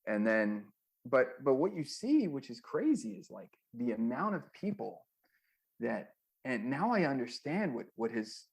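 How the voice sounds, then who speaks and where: A man with a gravelly, mid-pitched voice, giving a casual interview. He tells long, animated stories full of fillers and restarts. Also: a little slow. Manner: rambling, animated anecdotes with many fillers. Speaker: guest, former music manager.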